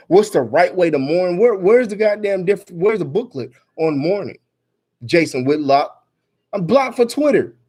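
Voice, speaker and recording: A man reads a news story aloud and rants about it in an angry, emphatic voice full of swearing. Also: high-pitched. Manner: angry, emphatic, swearing, rising to near-shouts. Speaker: vlogger commenting on news. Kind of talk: reading news aloud and ranting.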